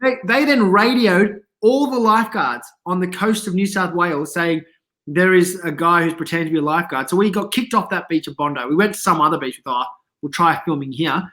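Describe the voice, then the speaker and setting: Animated man telling funny stories. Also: high-pitched, a little fast. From Australia. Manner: animated, laughs often, acts out voices in anecdotes. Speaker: comedian guest. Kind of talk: casual interview storytelling.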